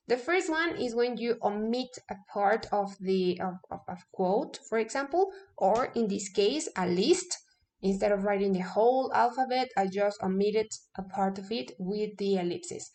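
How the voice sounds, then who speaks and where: A woman's voice: mid-range voice, darkish tone. A woman English teacher, a native Spanish speaker, explaining grammar step by step, often checking in with "okay?" and correcting herself mid-sentence.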